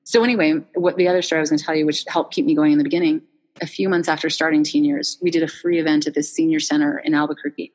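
A woman founder, a guest in a casual interview, telling stories in an animated way with many restarts. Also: sits low, racing, in a large hall.

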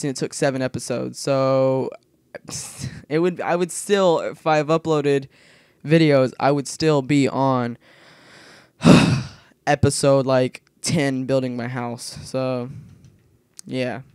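Excitable young man rambling over gameplay. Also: a little high, no room sound, studio quality. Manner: rambling, excitable, yelps when startled. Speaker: gaming video creator. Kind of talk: casual gameplay commentary.

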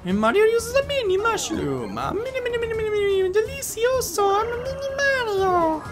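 A man putting on a squeaky falsetto as a tiny, cheerful plumber figure, in a sing-song way. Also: sing-song, fairly quick, over music. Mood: gleeful.

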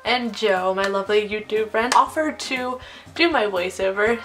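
A woman's voice: mid-range voice, normal speed, fairly bright tone, soft background music. A young woman vlogger signing off her video cheerfully and chattily. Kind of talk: casual vlog sign-off.

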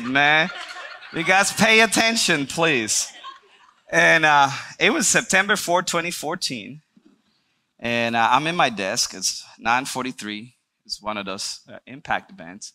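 A man's voice: on the high side, lively intonation, measured pace, sharp tone. A man giving a church breakout talk. He shares a personal testimony with the group, asks them questions, jokes with them, and talks earnestly. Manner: engages the audience with questions and jokes. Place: church meeting room.

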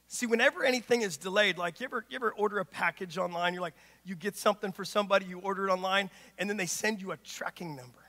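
A man, a pastor, preaching a sermon with call-and-response, swinging from shouted lines to hushed passages. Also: sits high, quick pace, few pauses. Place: church sanctuary. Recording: long church reverb.

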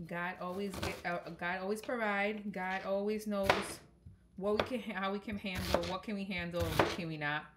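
A woman vlogger chatting to her viewers while cooking, warm and encouraging, recorded without a mic in a home kitchen. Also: mid-range voice, very noisy. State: sick, under the weather. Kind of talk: casual chat while cooking. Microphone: no mic, camera's built-in mic.

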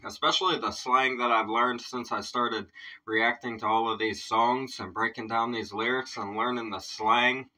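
A man's voice: fairly low pitch, bright, forceful tone, distant mic, poor audio. A man hosting a reaction video, talking in a laid-back, chatty way and swearing casually.

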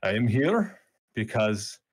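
Grave Ukrainian father, played by a man in a tabletop game, low voice, halting broken English, Ukrainian accent. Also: very animated, slightly rough, full character voice. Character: weary Ukrainian male factory worker, desperate father. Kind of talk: tabletop role-play in character.

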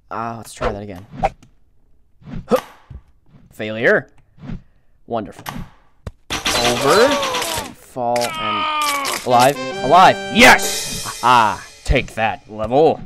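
Excitable young man doing game commentary. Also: mid-range voice. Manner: excitable, frequent outbursts and groans. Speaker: gaming channel host.

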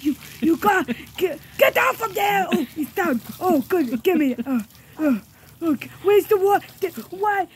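Super squeaky pet dog voice picking a fight with the water, slow and bouncy, stammery baby talk, a woman doing it. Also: lively intonation, a little hiss or hum. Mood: excited. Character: playful, boastful pet dog battling water. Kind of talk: voicing a pet for a home video.

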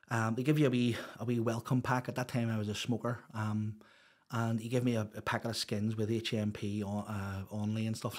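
A middle-aged man from Northern Ireland, appearing as a guest, tells stories in a loose, rambling, casual chat. He's blunt, swears freely, and leans on fillers, speaking at an ordinary middle pitch.

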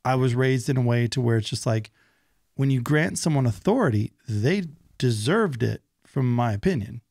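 A man's voice: mid-range voice, lively intonation, normal speed, vocal fry, a little mellow, dry recording, clean studio sound. A man co-hosting a podcast in casual chat, opinionated and blunt, with mild swearing. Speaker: podcast co-host.

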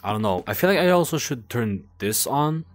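Excitable young man playing a game. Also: brisk. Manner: excitable, coos at the creature in a high baby-talk voice. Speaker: gaming video creator. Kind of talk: casual gameplay commentary.

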